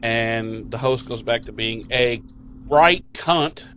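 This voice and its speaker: A man's voice: medium pitch, takes it slowly, fairly bright tone, a little hiss or hum. A man co-hosting a podcast, chatting casually and heatedly, swearing a lot and acting out the characters' lines. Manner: profane, heated, acts out characters. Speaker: podcast co-host. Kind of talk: casual recap chat.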